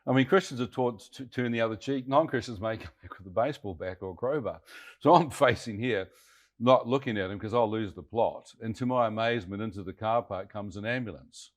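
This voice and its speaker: Low-voiced New man telling his story. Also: a little fast. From New Zealand. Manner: vivid, colloquial, acts out voices. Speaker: guest. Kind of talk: dramatic personal storytelling.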